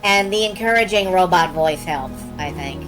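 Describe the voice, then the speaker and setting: A woman's voice: lowish voice, animated, normal speed, over loud music. Wry, swearing woman streamer playing games. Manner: wry, enthusiastic, swears freely, thinks aloud. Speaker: streamer playing game demos. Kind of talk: casual live-stream commentary.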